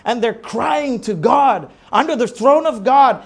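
A man preaching a sermon, rising to near-shouts and falling low, often asking the congregation rhetorical questions. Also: animated, fairly quick, hardly any pauses. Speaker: pastor.

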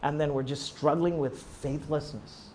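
A man preaching a sermon, rising to near-shouts and falling low, often asking the congregation rhetorical questions. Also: steady tone, unhurried, slight background noise. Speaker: pastor.

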